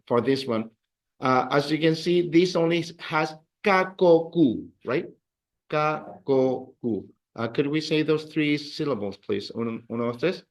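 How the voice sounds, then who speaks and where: A man teaching a beginner Spanish class, patiently repeating words and phrases for his learners. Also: medium pitch. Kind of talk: beginner language lesson.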